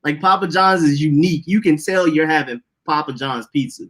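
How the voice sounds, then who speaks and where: A young man with an Atlanta accent, co-hosting a casual podcast and reading chat comments aloud in an animated way. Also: a little high, a little fast. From Atlanta, Georgia. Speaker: podcast co-host. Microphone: live stream setup.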